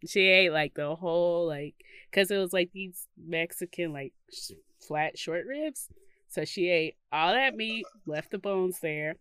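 A woman's voice: lowish voice, a little slow, a bit bright, clear, resonant tone, no room sound, clean studio sound. A woman co-hosting a podcast in casual chat, talking loosely with lots of fillers and casual swearing. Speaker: podcast co-host.

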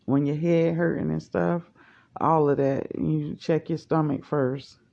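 Forties, slow rambling monologue, dull lo-fi voice message, gravelly tone. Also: mid-range voice, steady tone, warm tone. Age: 40s. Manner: slow, unhurried, thinking aloud. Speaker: podcaster. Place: at work.

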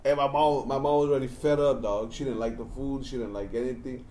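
A man's voice: mid-range voice, steady tone, fairly quick, mellow. A man in casual chat, swearing and calling his friend bro and dog. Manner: profane, slangy, says bro and dog.

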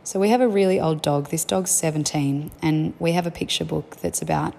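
Low and brisk with vocal fry and a slightly mellow quality, a young mother's voice carries easy, chatty stories reflecting honestly on her family life.

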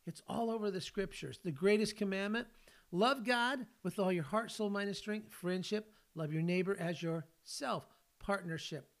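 A man's voice: sits high, moderate pace. A man in his sixties from California hosts a faith podcast, telling personal stories in an earnest, folksy way. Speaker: podcast host and ministry leader.

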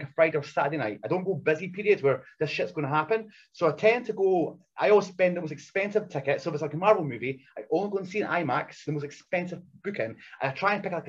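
Animated husky storyteller man. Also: on the high side. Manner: animated, acts out voices in anecdotes. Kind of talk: casual storytelling chat. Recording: dull lo-fi recording.

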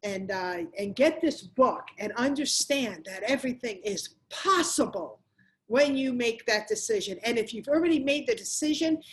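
A middle-aged woman coaches her viewers in an emphatic motivational talk. Her voice sits a little high, and she repeats key phrases to drive them home. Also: animated, normal speed, low-quality recording.

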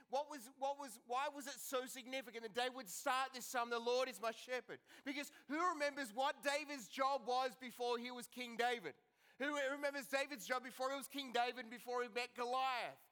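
A man's voice: very high voice, pushed and bright, clear, resonant tone. A man preaching a sermon to his congregation in church, earnest and asking the people questions, often repeating words. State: limping after an accident. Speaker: pastor. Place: church hall.

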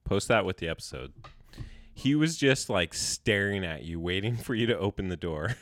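A man's voice: low-pitched, lively intonation, normal speed, a bit bright. A man co-hosting a podcast, cracking jokes and laughing often in casual chat. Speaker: podcast co-host.

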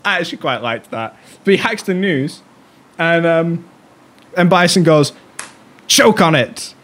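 Brief: male podcast host, animated and chatty, casual round-table. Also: a little high, moderate pace. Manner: animated, laughing, retelling movie lines.

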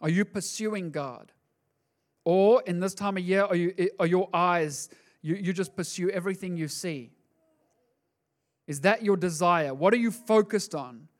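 A male pastor preaching a sermon in an animated, conversational way, acting out the voices he quotes. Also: high voice.

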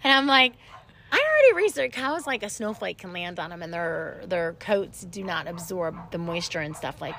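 A woman's voice: lowish voice, normal speed, vocal fry, a bit bright. A woman co-hosting a casual chat podcast, telling rambling stories and laughing often. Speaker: podcast co-host.

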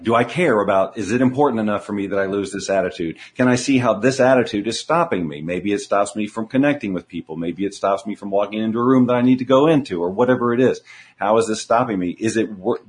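A man speaking as a guest in an interview, coaching earnestly with emphatic rhetorical questions. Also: fairly low pitch. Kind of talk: conversational coaching talk.

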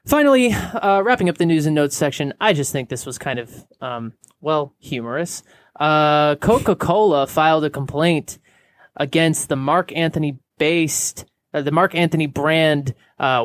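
Man, casual podcast co-host, somewhat high voice, dry close mic, relaxed filler-heavy talk. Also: no room sound. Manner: laid-back, lots of filler words. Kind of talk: casual chat. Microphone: close microphone.

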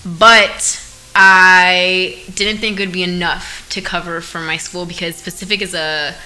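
A young woman from Oregon, a podcast guest in casual chat, animated and mixing in Spanish. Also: on the low side, unhurried, low-quality recording. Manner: animated, laughs often, mixes in Spanish.

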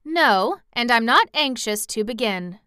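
A woman's voice: on the high side, animated, a little slow, pushed and bright, smooth, no echo, studio quality, voice pushed up. Woman voicing a grumbling storybook kitten. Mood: protesting. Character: gloomy, stubborn female kitten.

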